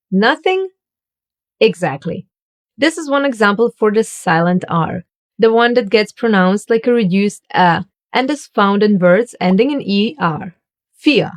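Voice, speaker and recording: A woman giving a scripted language lesson, speaking slowly and deliberately as she demonstrates each sound. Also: medium pitch. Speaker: German teacher.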